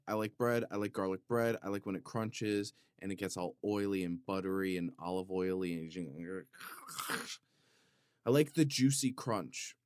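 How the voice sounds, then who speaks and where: A man reading viewer comments in a casual comedic monologue, playfully indignant, swinging from loud outbursts to low muttering. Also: smooth, no room sound, clean studio sound. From Italian heritage.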